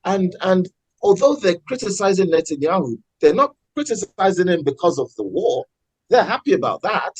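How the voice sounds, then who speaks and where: A man talking passionately in a casual political discussion, with many halting restarts. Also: sits high, sing-song, husky, no echo, poor audio. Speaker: podcast co-host.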